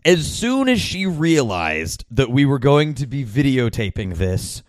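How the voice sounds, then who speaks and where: A man's voice: mid-range voice, very animated, a little slow, no echo, studio quality. A man hosting a podcast in casual chat, rambling with many fillers, restarts and the odd swear word. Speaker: podcast host.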